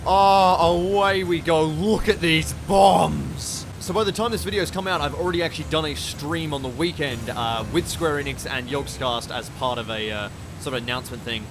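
A young Australian man giving excitable, swear-filled commentary while playing a video game. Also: on the high side, moderate pace, few pauses, background noise. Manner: excitable, swearing, laughing at chaos. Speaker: gaming YouTuber. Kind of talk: live gameplay commentary.

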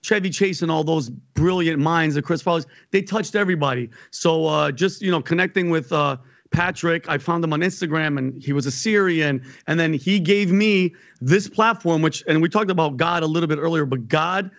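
A man's voice: fairly high pitch, normal speed, no room sound, highs cut off. A man, a guest comedian in a casual interview, talking energetically in rambling bursts and repeating himself as he tells stories.

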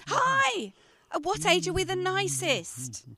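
A woman's voice: extremely high pitch, wildly swooping pitch, slow, bright, forceful tone, exaggerated voice. A woman voicing an affectionate young daughter in an amateur radio play, eager and doting with childlike questions. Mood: playful.

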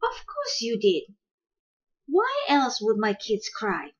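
A woman voicing a mother quail who speaks insistently in a high pitch, in a storybook reading. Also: wildly swooping pitch, slow, dull audio, heavily acted.

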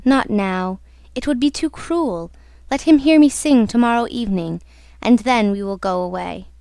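A woman's voice: on the high side, moderate pace, darkish tone, no room sound, lightly acted. A woman reading the part of a frightened, haunted young woman singer, in a pleading, trembling way.

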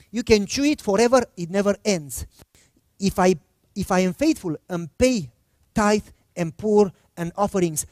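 A man's voice: high-pitched, a little mellow, dry recording, studio quality. A middle-aged male pastor preaching a sermon, telling a personal story in a conversational way and acting out the dialogue. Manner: conversational, acts out quoted dialogue.

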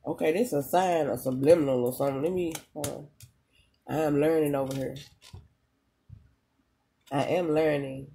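A spiritual reader giving a casual channeled reading straight to viewers, slangy and chatty, pausing often to tune in. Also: mid-range voice, steady tone, gravelly, dark tone, slight background noise. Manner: emotional at moments, talks straight to the audience.

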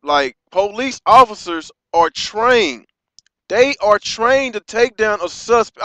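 An American man delivering an impassioned vlog rant, halting and restarting often and swearing freely. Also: high voice, animated, fairly bright tone, no echo. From United States. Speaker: vlogger.

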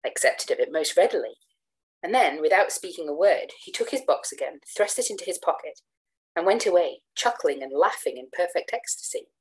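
A woman reading a gothic tale in measured, expressive first-person narration. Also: on the low side, low-quality recording. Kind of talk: literary narration read aloud.

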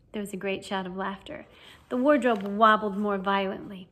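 A woman narrating a fan audiobook reading in an expressive storytelling manner. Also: medium pitch, a little fast.

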